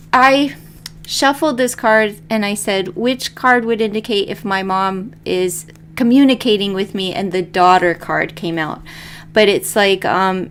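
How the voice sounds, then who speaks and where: A woman's voice: medium pitch, a little hiss or hum. A middle-aged woman reading tarot on a live stream, chatting loosely with viewers, rambling and laughing often, sometimes emotional.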